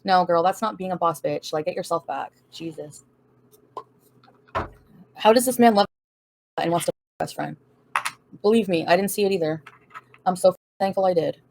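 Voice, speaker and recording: A woman's voice: fairly low pitch, normal speed, long pauses, darkish tone, slight background noise. A woman hosting a casual livestream, reading out and answering viewer comments in a blunt, profane, defiant way, laughing often. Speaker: livestream host answering chat.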